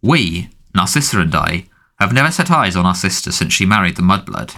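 A man's voice: deep voice, sing-song, fairly quick, pushed and bright, exaggerated voice. A man voicing a fanatical adult witch who speaks fervently and imploringly. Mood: indignant.

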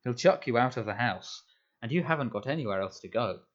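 A man's voice: medium pitch, expressive, fairly quick, close to an everyday voice. A man voicing a boastful, bullying boy who taunts and whines, in a slightly dull recording. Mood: panicked. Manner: sneering, taunting.

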